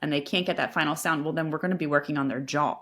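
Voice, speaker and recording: A woman's voice: low voice, steady tone, fast, a bit bright. A woman speech-language pathologist, a podcast guest, explaining her methods at length and restarting sentences with repeated words. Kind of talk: expert explaining in a podcast interview.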